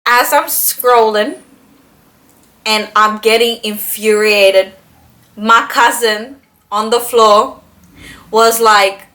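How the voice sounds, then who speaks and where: A young woman vlogger telling a personal story in a casual, animated way, full of "like" and swearing. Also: a little high, very slow, pauses often. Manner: animated, swears freely, fillers of "like". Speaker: beauty vlogger.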